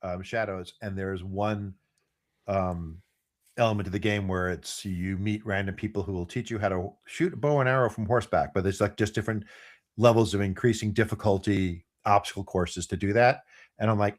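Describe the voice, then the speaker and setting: A man in his fifties from New York City, co-hosting a podcast chat, telling rambling, animated stories and acting out the voices. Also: lowish voice, normal speed. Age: 50s. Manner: animated, rambling storyteller who acts out voices. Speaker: podcast co-host. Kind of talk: casual chat.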